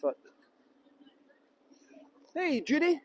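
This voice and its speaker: A man's voice: extremely high pitch, wildly swooping pitch, extremely slow. A Scottish man giving a casual live-streamed walking tour outdoors by a harbour, chatty and jokey, greeting viewers by name. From Scotland. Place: outdoors at a harbour ferry terminal.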